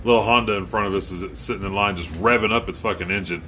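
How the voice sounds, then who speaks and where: A man's voice: lowish voice, fast, slight background noise. A man casually telling a story with lots of swearing, acting out the voices of the people in it. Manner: profane, animated, acts out quotes.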